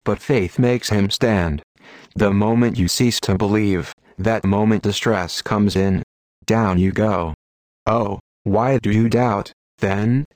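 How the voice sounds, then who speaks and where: A man delivers a sermon with emphatic, rhetorical oratory. His voice sits low, and the recording is dry and close, with no room sound. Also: a little mellow, no room sound. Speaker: preacher. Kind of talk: sermon reading.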